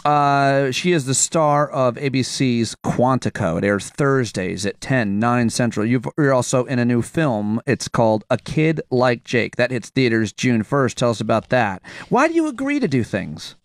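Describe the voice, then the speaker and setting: A man's voice: mid-range voice, animated, moderate pace, few pauses, no echo. A man hosting a radio interview, with rambling, joking questions full of restarts. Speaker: radio host.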